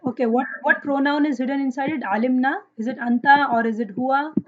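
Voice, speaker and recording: High-voiced woman teaching Arabic grammar. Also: fairly even intonation, fast, noisy background. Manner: asks students questions, praises answers; recites Quranic verses in Arabic. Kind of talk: online class teaching. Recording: dull lo-fi audio.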